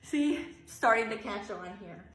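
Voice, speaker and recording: A woman's voice: mid-range voice, lively intonation, unhurried, a bit bright. Woman, preschool teacher, sing-song read-aloud with exaggerated yawns, echoey room. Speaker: early childhood teacher.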